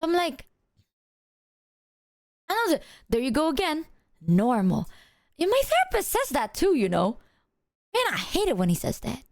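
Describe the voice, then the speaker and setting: A woman's voice: very high-pitched, wildly swooping pitch, normal speed, long pauses. A woman livestreamer chatting casually, telling stories animatedly, acting out both sides of conversations and swearing freely. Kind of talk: casual chat.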